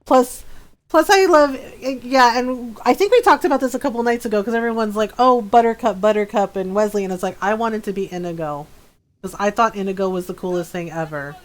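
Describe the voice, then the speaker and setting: A woman streamer chats casually while playing a game. She is bubbly and talkative, often breaking into laughter. Her voice sits slightly high for a woman. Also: brisk. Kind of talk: casual gameplay chat.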